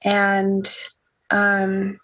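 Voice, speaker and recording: A young woman telling an emotional personal story as a podcast guest, halting with many restarts and soft laughs. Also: mid-range voice, completely flat delivery.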